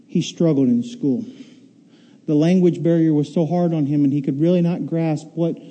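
A man's voice: fairly high pitch, mellow, dull audio. A man preaching a sermon to a congregation, emphatic, repeating key words and firing rhetorical questions. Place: church hall with congregation. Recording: long reverb of a large hall.

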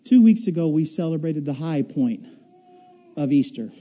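A pastor preaches at a moderate pace, his voice high and clearly raised yet very mellow and soft. He tells stories animatedly, acting out riders' shouts and screams, then settles into a quiet, low delivery to drive his point home.

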